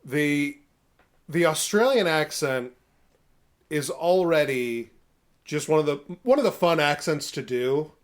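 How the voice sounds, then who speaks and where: Rambling higher-voiced male co-host. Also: expressive, slow pace, pauses often. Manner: rambling, self-deprecating, frequent fillers. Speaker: podcast co-host. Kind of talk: casual chat.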